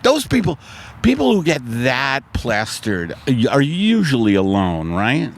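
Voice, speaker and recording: Absurd riffing comedian host. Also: male voice, medium pitch, huge pitch swings, measured pace. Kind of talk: casual comedic chat.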